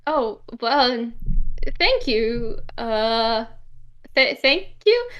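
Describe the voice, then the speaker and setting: A woman voicing an awkward, stiff woman elf from the woods who speaks in a halting, stammering way. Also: a little high, big pitch swings, a bit bright, dull audio, exaggerated voice.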